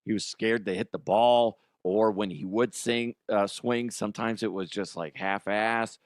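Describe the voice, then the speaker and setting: A middle-aged man and show host telling a story in an animated way, jumping from loud outbursts to quiet asides. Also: on the low side, a little slow, dry recording, studio quality. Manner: excitable, swings from loud shouts to quiet asides.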